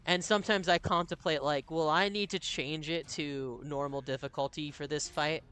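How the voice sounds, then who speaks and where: Chatty streamer guy, somewhat high voice. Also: fairly even intonation, normal speed, bright, forceful tone, clean tone. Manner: chatty, laughs often, reads viewer messages aloud. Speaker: game streamer. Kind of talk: casual live-stream chat over gameplay.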